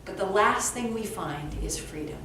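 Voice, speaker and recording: A woman author with a mid-range voice speaks at a moderate pace as an interview guest at a live event. Animated and humorous, she acts out dialogue within her stories. The echoey room and distant microphone leave faint background noise audible.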